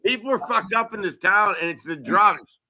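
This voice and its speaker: A man's voice: high-pitched, lively intonation, moderate pace, bright, forceful tone. A man chatting as a podcast guest, telling rambling, profane local stories. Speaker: guest, local news video maker. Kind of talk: casual podcast chat.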